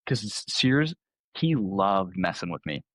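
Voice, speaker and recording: A man's voice: low-pitched, very animated, measured pace, a bit bright, no echo. A young man, a podcast guest, telling a story casually, full of "like" and acted-out quotes. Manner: laid-back, lots of "like", acts out quotes. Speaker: podcast guest, college baseball player.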